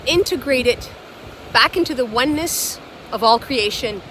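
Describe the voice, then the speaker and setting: A woman's voice: fairly high pitch, lively intonation, a bit bright, slight background noise. A woman talking to her viewers in a casual spiritual vlog, earnest and gushing, repeating affirmations and restarting her sentences. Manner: halting, many restarts. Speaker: spiritual vlogger channeling light language.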